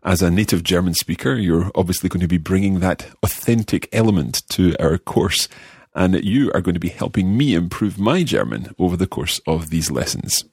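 A deep-voiced man leads a podcast language lesson in a friendly, measured way. His voice has a slightly husky edge and sits in a dry, close studio sound. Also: expressive, dry recording. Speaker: language course host and learner.

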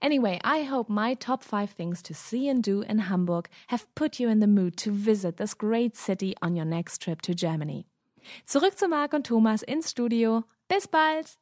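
A woman's voice: fairly high pitch, lively intonation, normal speed, a little mellow, no room sound, studio quality. Woman reading a cheerful travel segment. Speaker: cultural correspondent. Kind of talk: scripted travel segment in a language lesson.

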